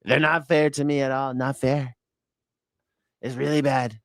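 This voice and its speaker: A man's voice: medium pitch, flat delivery, measured pace, no room sound, studio quality, natural voice. A man voicing a whiny, self-pitying man-child politician in a mock babyish whine.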